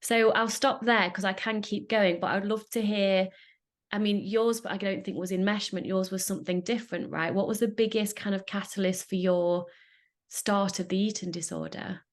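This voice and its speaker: A woman's voice: medium pitch, fairly even intonation, normal speed. A woman host telling a personal story in an earnest, emotional way. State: getting emotional. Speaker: podcast host.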